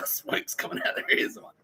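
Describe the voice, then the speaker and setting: A man's voice: high voice, gravelly, sharp tone, slight background noise, rough recording. A man hosting a podcast, telling a rambling, profane story and laughing at his own jokes. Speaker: podcast host. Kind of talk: rambling monologue.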